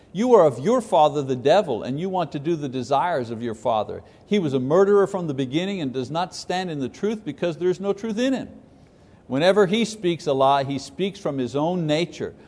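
A fairly high-voiced man preaching verse by verse, reading scripture and then slipping into casual, joking asides to his listeners. His voice carries a long reverb, as if filling a large hall. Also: darkish tone. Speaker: pastor. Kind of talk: verse-by-verse Bible teaching.

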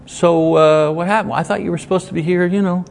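A man voicing a wife who quickly questions her husband about coming home late. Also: high voice, steady tone, creaky, a little hiss or hum. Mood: pointed. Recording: long hall reverb.

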